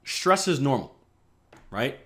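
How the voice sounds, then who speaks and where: A man's voice: mid-range voice, big pitch swings, slow, fairly bright tone. A man from the Northeast US teaching a live online trading class in a conversational way, often checking in with "right?" and acting out panicked traders. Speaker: trading instructor.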